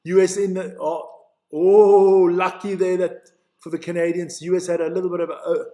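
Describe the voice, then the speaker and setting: A man from Switzerland giving chatty, excitable live play-by-play commentary for a stream, stumbling over player names and reading out the chat. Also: sits high, fairly quick, reverberant.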